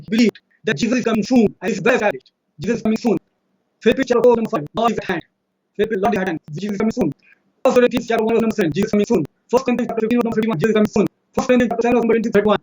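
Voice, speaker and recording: A man with an Indian accent arguing in a fast, insistent debate monologue, citing verses and repeating his points. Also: sits high, a little mellow, husky, low-quality recording. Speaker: religious debater.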